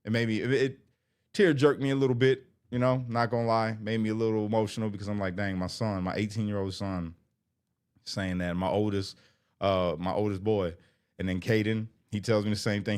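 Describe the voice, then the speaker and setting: A man's voice: fairly low pitch, smooth. A man talks candidly to camera in an earnest, heartfelt way, often repeating himself. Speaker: vlogger.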